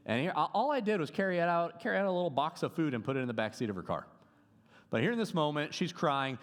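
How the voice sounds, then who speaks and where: Male pastor, earnest storytelling sermon, mid-pitched voice, long hall echo. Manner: earnest storytelling with rising exclamations. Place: church sanctuary.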